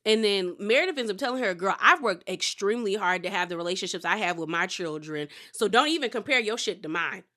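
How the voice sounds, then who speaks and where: A woman's voice: mid-range voice, expressive, fast, hardly any pauses, pushed and bright. A woman casually recapping a reality show episode, chatty and opinionated, quoting the cast and often calling them girl. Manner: chatty and opinionated, calls people girl, quotes cast members.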